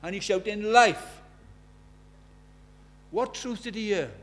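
An older man delivers an evangelistic sermon in a somewhat high voice. He preaches with fervour, sinking to near-hushed lines before surging back up to loud, urgent appeals. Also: a little fast. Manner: impassioned, swings from hushed to loud.

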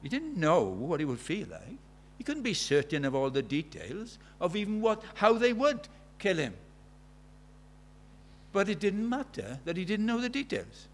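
A man's voice: high-pitched, huge pitch swings, normal speed. A man preaching a sermon in an earnest way, telling stories and asking his listeners many questions.

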